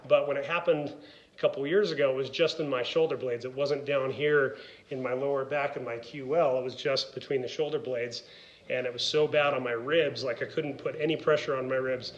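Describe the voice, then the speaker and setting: A man's voice: mid-range voice, fairly even intonation, fairly quick, lo-fi sound. A middle-aged man, a former wrestler and gym owner, speaking candidly in a personal vlog, earnest and rambling with many fillers and restarts.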